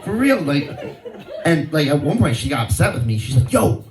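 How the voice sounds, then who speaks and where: A man from Hawaii performs stand-up comedy at an outdoor venue before a live crowd, telling laid-back stories and acting out the people he quotes in raised voices. His voice sits on the high side, very animated and brisk. The recording is echoey and off-mic, picked up from far away, with background noise and an audible crowd.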